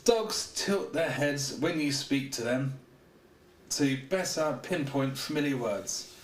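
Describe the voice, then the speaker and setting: A man's voice: mid-range voice, animated, slow pace. A man co-hosting a podcast, reading facts aloud in casual chat and laughing easily. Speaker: podcast co-host. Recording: echoey room, distant mic, faint noise.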